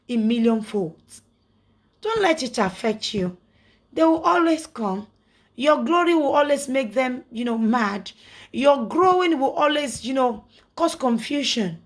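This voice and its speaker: Middle-aged Nigerian woman, a bit high-pitched, ranting and preaching to followers with rhetorical questions. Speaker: social media personality. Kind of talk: casual monologue to followers.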